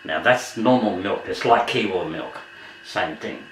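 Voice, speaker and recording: A man's voice: sits low, animated, a little slow, background noise. An Australian man vlogging in a casual, rambling way, chuckling often and losing his thread. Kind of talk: casual chat to camera.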